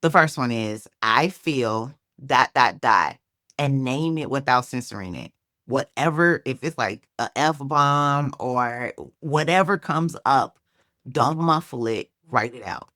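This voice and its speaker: A woman's voice: very deep voice, unhurried, a bit bright, no room sound, studio quality. A woman with a Chicago accent talking casually to camera as a faith-based self-help speaker, peppering her talk with "like" and "right?". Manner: conversational, frequent "like" and "right?" tags.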